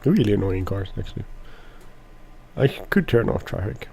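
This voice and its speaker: Gravelly-voiced man narrating a farming game. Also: lowish voice, expressive, moderate pace, darkish tone, a little hiss or hum. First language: Swedish. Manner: rambling, many restarts and fillers. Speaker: let's play host. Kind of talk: casual gameplay commentary.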